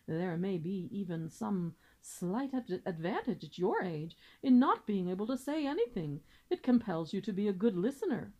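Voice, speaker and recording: A woman's voice: medium pitch, warm tone. A woman reading aloud and voicing a pompous, long-winded male father swan who lectures formally.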